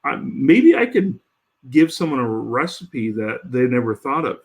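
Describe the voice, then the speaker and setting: A man who is a guest on a podcast, telling stories in a jokey, rambling, animated way. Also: medium pitch, unhurried. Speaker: podcast guest, home cook. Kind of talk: casual storytelling chat.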